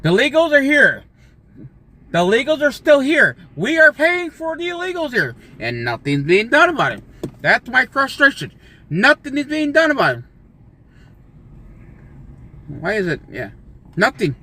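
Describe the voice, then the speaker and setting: A man's voice: extremely high pitch, wildly swooping pitch, unhurried, long pauses, pushed and bright. A man livestreaming an angry, profane political rant, repeating himself and swearing often. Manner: heated, profane, repetitive.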